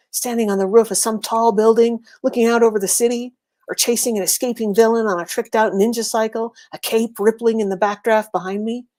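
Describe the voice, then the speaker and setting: A woman reading a first-person serialized story aloud in a steady, wry, conversational way. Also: medium pitch. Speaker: reader.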